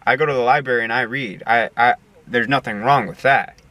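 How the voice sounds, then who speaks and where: A man's voice: mid-range voice, a little fast, sharp tone, dry recording. A young man giving an earnest casual monologue, often repeating words as he searches for them. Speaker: video essayist.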